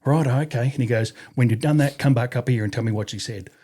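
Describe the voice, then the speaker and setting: A podcast guest, an Australian man in his forties, tells army stories in a casual interview, swearing freely and laughing along the way. His voice is medium-pitched, quick, and dark in tone.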